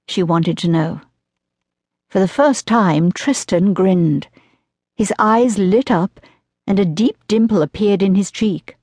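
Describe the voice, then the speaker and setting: A woman narrating an audiobook in an even, measured storytelling voice. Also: mid-range voice, breathy edge, no room sound, clean studio sound. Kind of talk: scripted narration of a historical romance.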